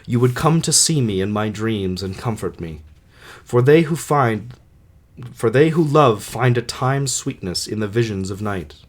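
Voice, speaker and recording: Reading earnestly for an amateur audiobook, a man voices a grieving king in his own middle-pitched voice. His delivery is animated and slightly slow.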